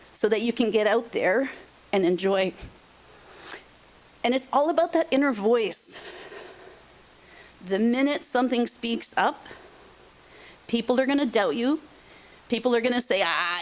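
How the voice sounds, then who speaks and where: A middle-aged woman gives a heartfelt motivational talk with a slightly high voice. She speaks emphatically, repeats her points for weight, and her emotion shows through. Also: a little mellow. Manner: emphatic and repetitive, openly emotional. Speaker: presenter on aging and senior housing.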